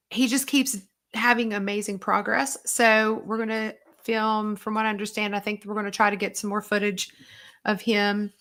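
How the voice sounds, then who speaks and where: Chatty woman host, mid-pitched voice. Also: a bit bright. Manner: chatty, rambling with many fillers. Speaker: host and diet coach. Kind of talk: casual chat answering viewer questions.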